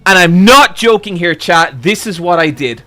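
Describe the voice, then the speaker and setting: A man streaming live and telling a long, exasperated anecdote to his chat, swearing freely and getting loud at the punchlines. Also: sits high, animated, moderate pace, faint music behind. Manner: profane, exasperated, building to loud outbursts. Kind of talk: animated storytelling to a live chat.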